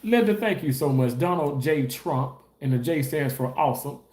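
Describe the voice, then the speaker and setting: A man's voice: on the high side, animated, normal speed, a little mellow, roomy sound. A man live streaming in a casual chat, reading viewer comments aloud and defensively arguing back at his critics. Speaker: live streamer and content creator.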